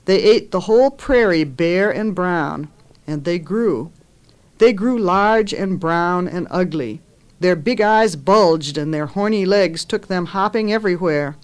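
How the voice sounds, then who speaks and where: A woman author reading a story aloud in a measured, expressive way, lifting her voice for the characters' lines. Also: fairly low pitch, clean tone.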